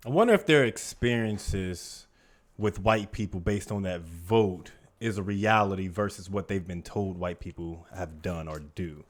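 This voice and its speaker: A man's voice: low-pitched, a little slow. A man co-hosting a podcast, speaking thoughtfully in casual discussion. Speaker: podcast co-host.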